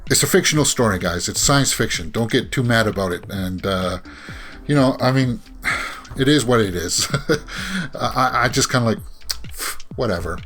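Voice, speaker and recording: A man's voice: mid-range voice, animated, moderate pace, fairly bright tone, soft background music. A man giving casual commentary as a movie news vlogger, rambling with frequent fillers and restarts and sighing, exasperated asides.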